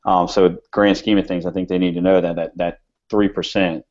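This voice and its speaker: A man who is a real estate agent, answering interview questions in an easygoing, steady way with some fillers. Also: deep voice, moderate pace, muffled recording.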